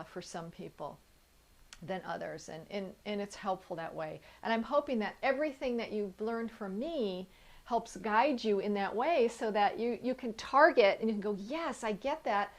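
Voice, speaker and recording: A woman life coach giving an earnest, encouraging talk straight to the viewer, sometimes stopping to correct what she writes. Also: medium pitch. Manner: writes on a board while talking, stops to correct herself. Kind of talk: motivational video talk.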